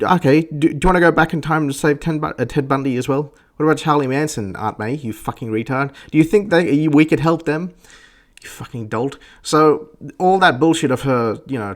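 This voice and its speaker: A man hosting a podcast, ranting crudely and bluntly about movies. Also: mid-range voice. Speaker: podcast host. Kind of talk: profane ranting commentary.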